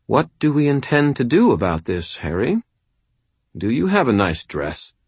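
A man's voice: mid-range voice, big pitch swings, normal speed, breathy edge, no echo, pitched above the performer's own voice. A man voicing a ladylike, controlled woman whose level voice barely hides rage. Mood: poised.

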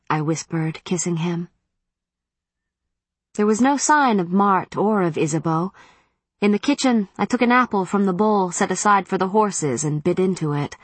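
A woman narrates a first-person audiobook in a measured, steady reading. Her voice is low and husky with a breathy edge. The recording is dry and close, with no room sound. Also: no echo.

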